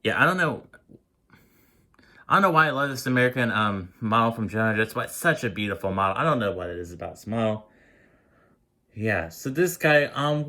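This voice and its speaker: Young male hobby host, mid pitch, rambling casual narration with lots of ums, home room. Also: fairly bright tone. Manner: rambling, many ums and restarts. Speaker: model airport hobbyist host. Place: dim indoor room at home.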